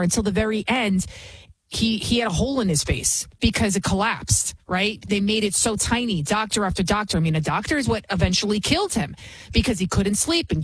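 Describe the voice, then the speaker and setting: Heated female host, husky tone, dry recording, driving monologue. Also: medium pitch, lively intonation, fairly quick, dry recording. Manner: emphatic, heated, repetitive with many restarts. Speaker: commentary show host. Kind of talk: opinion monologue.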